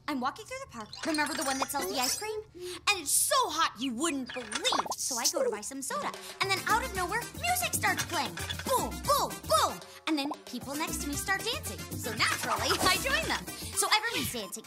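Dramatic, chatty teen girl for a cartoon, very high and animated over loud music. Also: full character voice. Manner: gushing, breathless storyteller. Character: chatty excitable teenage girl, dreamy and dramatic.

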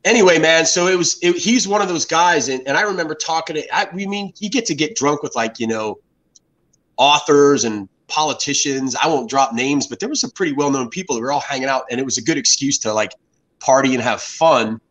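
A man's voice: a little high, brisk, a bit bright, low-quality recording. Rambling middle-aged American man. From United States. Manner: rambling storyteller with frequent restarts. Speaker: guest. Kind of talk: casual interview chat.

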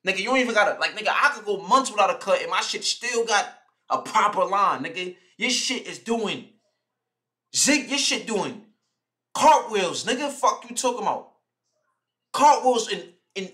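A man's voice: high voice, bright, forceful tone. A young man live streaming, roasting someone in a heated, mocking, profane rant. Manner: mocking, heated, swears constantly.

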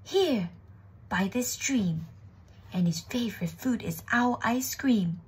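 A woman voicing a clever little mouse who talks in a brisk, cheeky, boastful way in a storybook reading. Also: fairly high pitch, expressive, a little mellow, slightly rough, voice pushed up, exaggerated voice.

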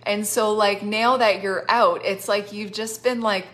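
A woman's voice: mid-range voice, steady tone, unhurried, a bit bright. A woman with a cough giving spontaneous prophetic words to people over a live stream, effusive and chatty, laughing often and saying "like" a lot. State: has a cough, on cough syrup. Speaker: prophetic minister.

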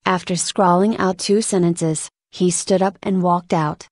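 A woman narrating a short story in a steady, even reading voice. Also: medium pitch, unhurried, hardly any pauses, no echo, studio quality.

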